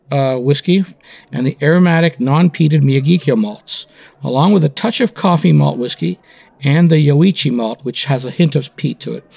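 A man's voice: a little high, creaky, a little mellow. A man co-hosting a whisky tasting show, describing spirits with enthusiasm. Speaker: co-host. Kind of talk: casual whisky tasting talk.

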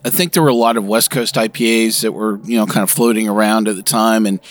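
A man's voice: lowish voice, steady tone, quick pace, no room sound. A man co-hosting a casual beer podcast, talking enthusiastically with fillers and restarts. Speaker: podcast co-host.

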